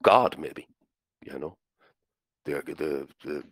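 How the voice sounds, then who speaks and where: A low-pitched Irish man delivers a blunt, opinionated podcast monologue. He stumbles, repeats words and swears. The sound is close and dry. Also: slow, fairly bright tone, no echo. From Ireland. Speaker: podcast host.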